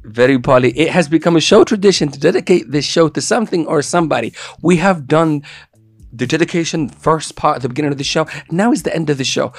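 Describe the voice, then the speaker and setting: A man's voice: fairly high pitch, quick pace. A man hosting a casual live stream from a studio, playful and upbeat as he plugs a sponsor. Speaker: host.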